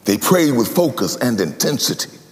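A man's voice: big pitch swings, moderate pace. Sing-song preaching man in an echoey hall. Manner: sing-song preaching cadence, swings between loud cries and low murmurs. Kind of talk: sermon.

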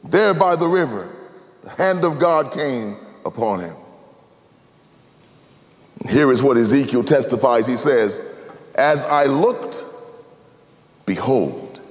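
A man preaching a sermon, his cadence sweeping from loud, high emphasis down to low, hushed tones. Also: lively intonation, takes it slowly, pauses often. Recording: long hall reverb.

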